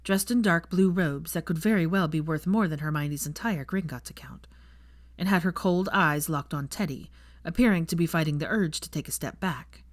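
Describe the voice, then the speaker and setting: A woman narrating a fan fiction audiobook in an expressive storytelling manner. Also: sits low, normal speed, dry recording, studio quality.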